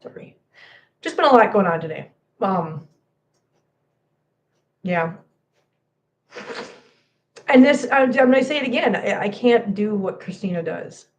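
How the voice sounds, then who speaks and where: A woman's voice: medium pitch, expressive, unhurried, long pauses. A woman hosting a cat channel livestream, tearful and talking to viewers in an emphatic, impassioned way that repeats phrases.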